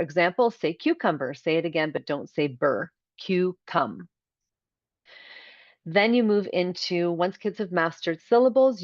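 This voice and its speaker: Low-pitched female kindergarten teacher giving a parent workshop over a call, demonstrative, dry and slightly muffled. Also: no room sound. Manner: clear, demonstrative, models speech sounds. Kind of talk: online workshop presentation. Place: video call.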